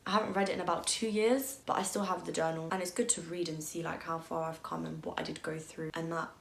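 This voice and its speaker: A woman's voice: deep voice, level tone, quick pace, creaky, slight background noise. Candid young woman in an echoey room. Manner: candid, emotional retelling with frequent "like" and swearing. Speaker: vlogger. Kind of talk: storytime vlog.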